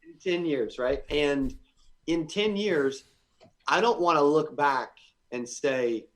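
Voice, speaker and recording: Energetic young male podcast guest. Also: on the high side, takes it slowly. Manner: energetic, repeats words when starting sentences. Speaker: guest entrepreneur. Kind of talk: casual interview conversation.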